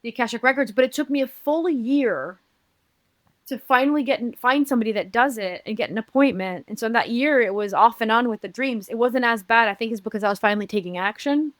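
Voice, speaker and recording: A woman from Uruguay, a podcast guest, telling a personal story in an earnest, halting way with many restarts. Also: a little high, no echo.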